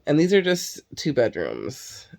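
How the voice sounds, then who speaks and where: A woman's voice: low-pitched, wildly swooping pitch, a little slow, gravelly, a little mellow. A young woman host chatting casually and candidly, rambling and swearing freely. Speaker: podcast host. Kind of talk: casual chat.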